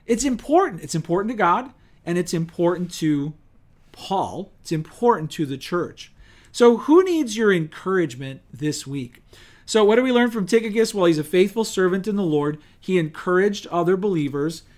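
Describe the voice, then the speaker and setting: A man's voice: sits high, expressive, normal speed, a little mellow. A male pastor delivering a sermon in an easy, conversational style. He asks the room rhetorical questions and slips into little acted-out quotes, keeping the message light and direct.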